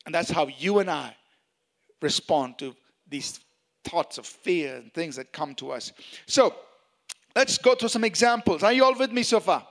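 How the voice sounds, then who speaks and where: A man's voice: a little high, measured pace, long pauses. A man preaching a sermon, reading scripture and asking the congregation if they follow him. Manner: animated preaching with questions to the congregation. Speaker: pastor.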